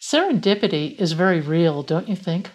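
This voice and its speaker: A woman's voice: fairly low pitch, big pitch swings, moderate pace. Thoughtful woman hosting a podcast. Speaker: podcast host. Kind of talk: interview conversation.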